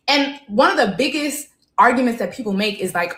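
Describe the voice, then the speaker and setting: A woman's voice: a little high, lively intonation, a bit bright, reverberant. A woman, giving emphatic, conversational commentary to camera. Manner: emphatic, conversational, drawn-out stresses.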